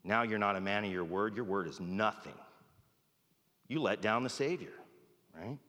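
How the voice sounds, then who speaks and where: A man's voice: fairly low pitch, normal speed, a bit bright. A man preaching a sermon in a conversational way, often checking in with "right?". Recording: long reverb of a large hall.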